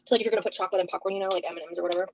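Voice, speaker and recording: A woman chatting casually in a video, sharing snack tips and personal thoughts in a relaxed way. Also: on the low side, very fast, a little hiss or hum, low-quality recording. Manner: relaxed, chatty, eats while talking.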